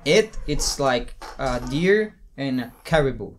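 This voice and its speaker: A man in casual podcast chat, excitable and quick to swear. His voice sits at an ordinary middle pitch. He often trails off and picks the thought up again. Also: soft background music. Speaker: podcast guest.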